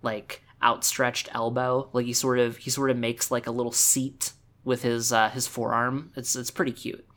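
A podcast co-host in a loose, casual chat, giving opinions in a rambling way. Thoughts come out in stops and restarts, often circling back to repeat a point. The voice sits at a middle pitch. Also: little pitch movement, normal speed, few pauses, fairly bright tone. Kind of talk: casual chat about game voice acting.

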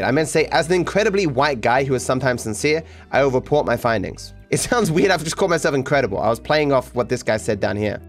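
An Australian man with a mild accent, talking casually to his stream chat while sick, rambling and letting his phrases trail off low. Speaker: streamer podcast host.

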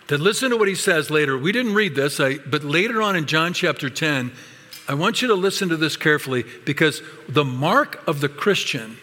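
Male pastor, higher voice, bright and forceful, emphatic sermon, long hall reverb. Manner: emphatic, varied preaching delivery.

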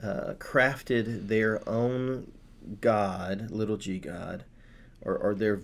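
A man's voice: lowish voice, steady tone, very slow, creaky. Rambling man discussing scripture. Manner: rambling, many fillers and restarts. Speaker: podcast co-host. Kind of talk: casual Bible study chat.

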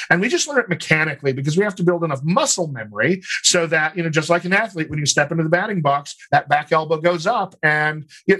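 A man with a General American accent and slight Colorado features, a dialect coach explaining his method in a calm, methodical interview. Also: on the high side, slightly rough, poor audio. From United States. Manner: explanatory, methodical, talks in lists. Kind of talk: conversational interview.

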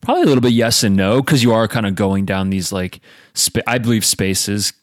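Young man, podcast co-host, low voice, dry humor, reflective, dry close mic. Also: animated, fairly quick, no echo. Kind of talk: casual podcast chat.

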